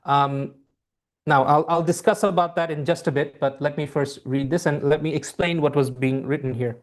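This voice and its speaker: A man teaching a live online class over a video call, speaking in a measured way and repeating phrases for emphasis. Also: a little high, fairly even intonation. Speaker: IELTS teacher.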